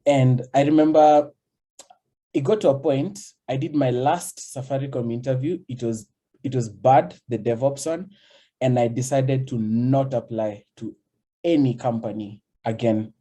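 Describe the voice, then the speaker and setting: Dark, husky young man. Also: medium pitch, measured pace. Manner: candid, hesitant starts. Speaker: panelist. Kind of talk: casual panel talk.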